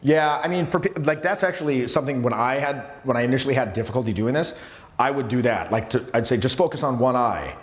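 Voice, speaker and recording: A man coaching a live workshop on social skills, talking in an animated, emphatic way with many restarts. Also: mid-range voice, fast talker. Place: seminar room with students. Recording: echoey room.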